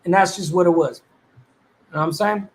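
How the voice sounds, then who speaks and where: A man's voice: high voice, fairly even intonation, a little fast. A man hosting a livestream, reading viewers' comments in casual chat, with streetwise slang and easy laughter. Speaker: livestream host.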